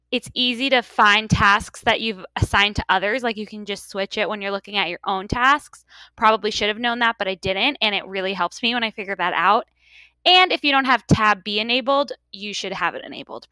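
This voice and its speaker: A woman's voice: mid-range voice, expressive, moderate pace, bright, forceful tone, no room sound. A young woman co-hosting a podcast. She chats in an upbeat way and fills her talk with "like". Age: young adult. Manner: chatty, upbeat, lots of "like". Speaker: podcast co-host. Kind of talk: casual work chat.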